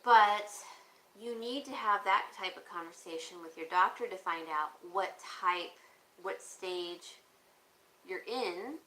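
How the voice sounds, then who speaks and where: A woman's voice: lowish voice, slow pace, a bit bright. A woman hosting a livestream auction, chatting casually and rambling while she answers viewer comments. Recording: echoey room with faint background noise.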